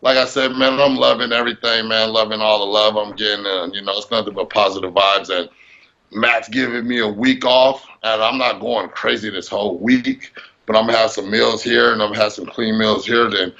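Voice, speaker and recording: A man talking in a casual interview as a bodybuilder guest, animated, acting out his own thoughts. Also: on the low side, fairly quick, vocal fry, highs cut off.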